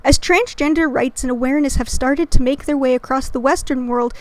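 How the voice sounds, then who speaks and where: A woman's voice: high-pitched, brisk. A woman hosting her channel, reading a scripted educational narration earnestly and dropping in casual slangy asides. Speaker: channel host.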